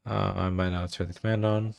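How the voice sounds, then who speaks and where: A man's voice: deep voice, level tone, a little fast, gravelly, no echo, muffled recording. A man casually talking through his game-building work on a livestream, muttering commands as he types. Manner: mutters commands aloud while typing. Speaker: streamer and game developer.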